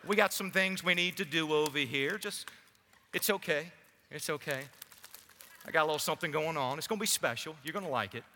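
A man's voice: fairly high pitch, brisk, slight background noise. A male pastor, preaching a sermon in a church and chatting casually with the congregation. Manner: animated preaching with audience asides. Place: church sanctuary. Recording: long church hall reverb.

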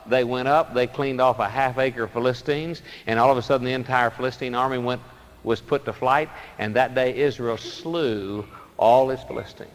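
A male pastor preaching a sermon, telling stories dramatically and swinging between loud emphasis and soft asides. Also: medium pitch, brisk, big-room sound.

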